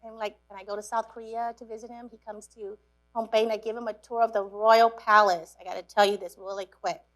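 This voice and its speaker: Woman from cambodia telling stories to a class, kinda high voice, laughs a lot, acts out the quotes. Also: brisk. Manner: lively storyteller, acts out quotes, laughs often. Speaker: guest speaker. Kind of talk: storytelling talk to students.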